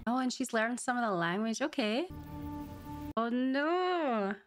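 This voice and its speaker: A woman's voice: fairly high pitch, expressive, unhurried, soft background music. A woman hosting a reaction video, chatting casually and emotionally as she watches a show for the first time. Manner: chatty and emotional, often laughing and gushing.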